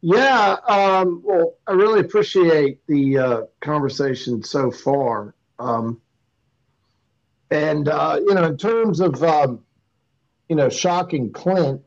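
A man's voice: on the high side, slow. Rambling man calling in on a dull phone line. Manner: rambling storyteller, many ums and restarts. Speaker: caller. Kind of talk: casual call-in chat.

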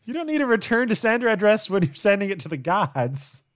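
A man co-hosting a casual podcast, recapping plot in a relaxed way and laughing often. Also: sits high, a little fast, no room sound, clean studio sound. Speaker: podcast co-host. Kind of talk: casual chat recapping a TV show.

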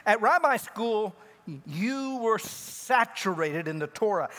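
A man preaching a sermon as pastor, telling a Bible story and acting out the speakers with big swings in pitch. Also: expressive, slow, a bit bright. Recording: long hall reverb.

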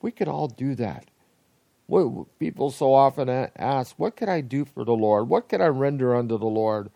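A man giving a devotional sermon as a pastor, earnest and halting, often breaking into spoken prayers. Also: medium pitch, animated, gravelly, mellow, dry recording. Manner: earnest, halting, with many restarts and prayerful quotes.

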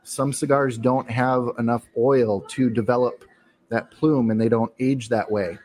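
A man co-hosting a casual talk show, explaining in a relaxed, matter-of-fact way. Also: medium pitch, a little slow. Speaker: podcast co-host. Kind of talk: casual chat.

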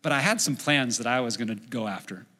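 Bright-voiced pastor preaching in a reverberant hall. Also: male voice, mid-range voice, quick pace. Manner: storytelling, animated, acts out his own inner voice. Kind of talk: sermon. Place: church sanctuary.

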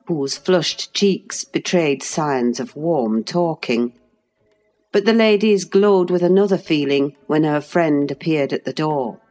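A woman narrating a classic novel as an audiobook, measured and expressive. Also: deep voice. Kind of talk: classic novel read aloud.

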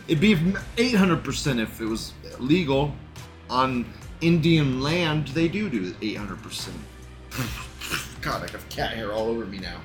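A man hosting a live show, talking in a casual, sarcastic and profane commentary style, with frequent laughs. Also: mid-range voice.

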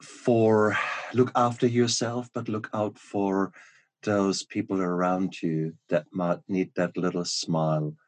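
A man with a German accent hosting a casual interview, encouraging and quick to laugh. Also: sits low, flat delivery. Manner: warm, encouraging, laughs often. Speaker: podcast host.

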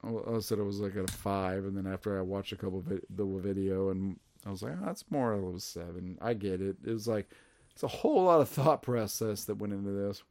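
A man in casual chat, ranting about films, swearing and doing loud mocking impressions. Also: on the low side, fairly quick.

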